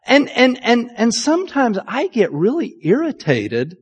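Pastor, male, high lively voice, chatty self-mocking sermon, long hall reverb. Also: unhurried, slightly rough. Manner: candid, self-deprecating and chatty. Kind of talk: conversational sermon.

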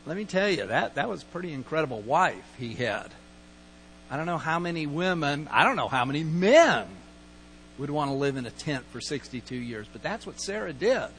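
A man's voice: on the high side, expressive, brisk, a bit bright. A middle-aged man pastor giving a conversational, storytelling sermon and acting out quoted lines. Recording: long hall reverb, mains hum.

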